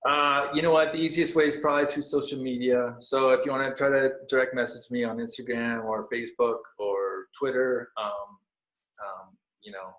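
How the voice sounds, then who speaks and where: Man, podcast guest, animated storyteller, laughs a lot, hushed quoting, middle pitch, echoey room. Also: moderate pace. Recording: roomy echo.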